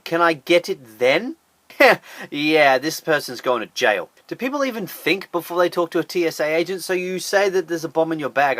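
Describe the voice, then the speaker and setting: A man's voice: a little high, fairly bright tone, no echo. A man hosting a scripted top ten countdown, talking in a sarcastic, incredulous way. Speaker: host of a top ten list channel. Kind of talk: scripted list commentary.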